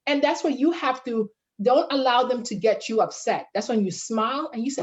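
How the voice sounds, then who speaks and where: A woman career advisor on a panel discussion, talking in an animated way and acting out bits of dialogue. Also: a little high, normal speed, hardly any pauses. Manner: animated, acts out quoted dialogue.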